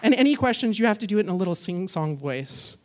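A woman's voice: medium pitch, big pitch swings, fast talker, darkish tone. A woman giving a conference talk and answering audience questions in a chatty, upbeat way, often using "like". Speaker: conference speaker.

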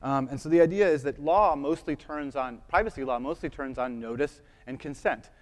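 A man's voice: medium pitch, brisk. A man giving a casual talk to an audience, with many fillers and frequent check-ins with his listeners. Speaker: lecturer. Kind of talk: conference talk. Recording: reverberant lecture hall.

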